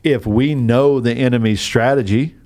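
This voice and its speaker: A man's voice: mid-range voice, normal speed, a little mellow. A man co-hosting a casual faith podcast in a studio, earnestly explaining scripture in an informal way. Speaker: podcast co-host.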